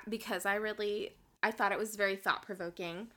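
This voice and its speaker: A woman's voice: mid-range voice, fairly even intonation, a little fast, bright, forceful tone. A woman co-hosting a book chat, talking casually and laughing often. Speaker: book podcast co-host.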